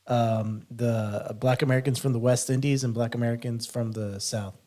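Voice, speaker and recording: A man's voice: medium pitch, fairly even intonation, normal speed, warm tone. A man hosting a casual podcast discussion, hesitant and repeating words as he thinks. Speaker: podcast host.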